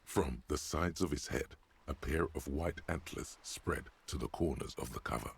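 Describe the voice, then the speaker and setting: Very deep, gravelly game narrator. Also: male voice, moderate pace, exaggerated voice. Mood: wry. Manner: dry, sardonic delivery. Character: wry, deadpan male narrator of a detective game.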